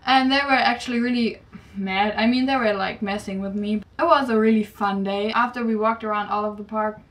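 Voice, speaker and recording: A woman's voice: medium pitch, fairly even intonation, a little fast, fairly bright tone. A young woman, chatting casually and retelling a trip. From Germany. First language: German. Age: late teens. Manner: chatty storytelling, often restarts. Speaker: exchange-student vlogger. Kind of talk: casual chat. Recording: voice from a distant mic.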